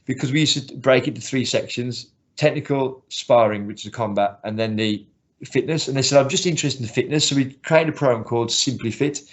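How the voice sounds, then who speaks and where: Speaking briskly in a mid-range voice, a martial arts coach gives a casual interview with real earnestness, frequently breaking off to begin sentences again. The audio has a slightly muffled, lo-fi quality.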